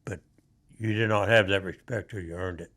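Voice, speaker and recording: A man's voice: sits low, fairly even intonation, normal speed, a bit bright. A man, a Vietnam veteran telling war stories in a plain-spoken, rambling way. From Oklahoma. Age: 70s. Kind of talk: storytelling interview.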